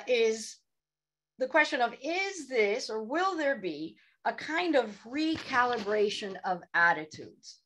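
A woman's voice: mid-range voice, rough recording. A woman, a social psychologist, speaking on an academic panel in a lecturing way, often checking in with "right?". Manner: lecturing, frequent "right?" tag questions.

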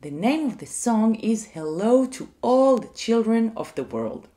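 A woman teaching a music lesson to young children, speaking clearly and leading them to repeat after her. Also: a little high, lively intonation, warm tone. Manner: slow, clear and sing-song, leading call-and-repeat.

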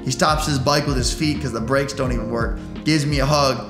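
A man's voice: medium pitch, brisk. A young man, a guest, telling a story in a casual interview and acting out the voices of the people in it. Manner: animated, acts out quoted voices. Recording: echoey room with music bed.

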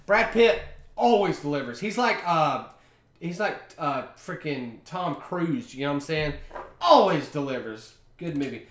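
A man's voice: a little high, lively intonation, measured pace, fairly bright tone. A young man hosting a podcast, chatting in a rambling, offhand way over a beer. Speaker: podcast host. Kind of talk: casual chat. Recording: roomy echo.

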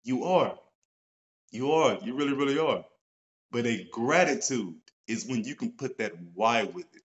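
A man talking straight to his viewers in a loose, animated way, cursing casually and getting louder when excited. His voice sits in a middle range, and the live-stream audio comes through a little dull and lo-fi. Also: medium pitch, normal speed. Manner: animated, swears casually, gets excited and loud. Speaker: author and host of a live stream. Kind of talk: casual motivational talk. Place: at home, seated in a wheelchair.

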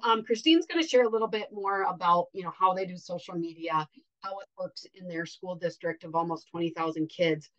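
A chatty, upbeat woman with a Wisconsin accent opens her podcast casually, using lots of fillers. Her voice sits in the mid-range, and the audio sounds dull.

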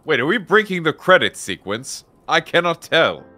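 A man's voice: on the high side, big pitch swings, normal speed, sharp tone, soft background music. A man chatting casually while playing a game with friends, joking and laughing often. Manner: giggly, jokey banter. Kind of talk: casual chat.

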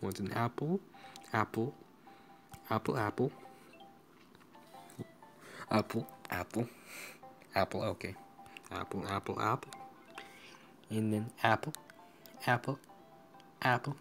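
A woman giving casual gameplay commentary, gushing in baby talk at a virtual pet with sudden squeaky jumps. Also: slow, creaky, long pauses, soft background music. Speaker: gaming vlogger.

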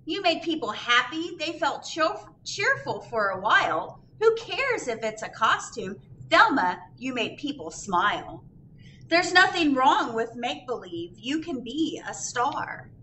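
A woman's voice: high-pitched, very animated, unhurried, a little hiss or hum, exaggerated voice, poor audio. A woman voicing a loyal, cheerful male friend who encourages his unicorn friend, in a storybook reading. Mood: encouraging. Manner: warm, encouraging.

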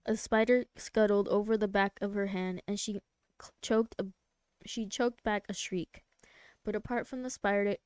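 Smooth, soft-spoken woman reading aloud. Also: medium pitch, no room sound. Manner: soft-spoken, stumbles and restarts on words. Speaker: streamer reading a book aloud. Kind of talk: live read-aloud narration.

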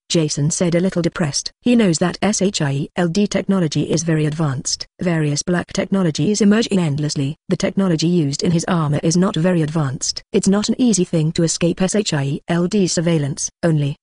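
Audiobook narration voice, flat machine read, husky edge, dry close sound. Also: mid-range voice, dry recording. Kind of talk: scripted narration.

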